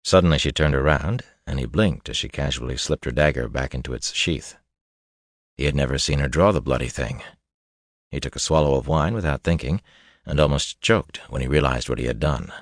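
Very deep-voiced male audiobook narrator. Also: fairly quick, no echo, clean studio sound.

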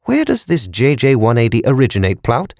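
A man's voice: medium pitch, wildly swooping pitch, fairly quick, gravelly, a little mellow, no room sound, voice pushed up. A man narrating a story, voicing a severe, educated man who speaks in a precise, dry and cutting way. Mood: probing.

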